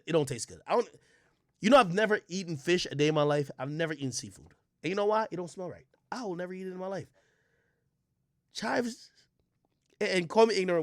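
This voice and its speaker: A man streaming casual commentary, reading a menu aloud and ranting in loud, profane disbelief. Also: sits high, no room sound, studio quality.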